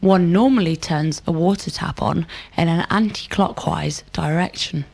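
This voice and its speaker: A woman answers drill questions in careful, complete sentences. Her delivery is measured, and her voice sits slightly low for a woman. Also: vocal fry, darkish tone. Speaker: model student.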